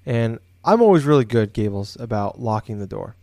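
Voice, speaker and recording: A man's voice: fairly low pitch, big pitch swings, moderate pace, mellow, dry recording. A man co-hosting a podcast, telling a long story casually from his home office, rambling with many fillers and restarts. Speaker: podcast co-host.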